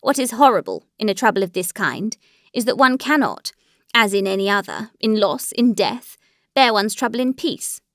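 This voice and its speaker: A woman's voice: medium pitch, expressive, dry recording, studio quality, natural voice. A woman reading a cold, formal aristocratic husband. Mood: bitter. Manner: measured and formal, turning bitter.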